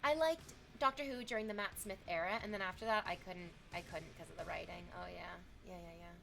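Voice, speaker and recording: A young adult woman livestreaming, chatting casually with viewers, thanking subscribers and reading chat messages aloud in an animated way. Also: on the low side, fairly quick, creaky, a little hiss or hum.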